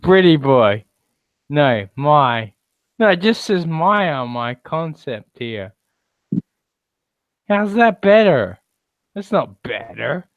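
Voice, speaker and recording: A man drawls slowly through casual call banter, brash and teasing, with plenty of swearing. The audio is dry and dull, like a cheap call mic. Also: on the high side, big pitch swings, no room sound. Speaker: hangout participant. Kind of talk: casual chat on an online call.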